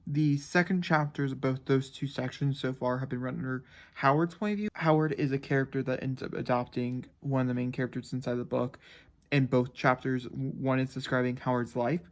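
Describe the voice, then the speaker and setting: A man's voice: mid-range voice, fairly even intonation, brisk. A young man rambling emotionally about a novel in a casual reading vlog from his bedroom at night, swearing freely. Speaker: book vlogger.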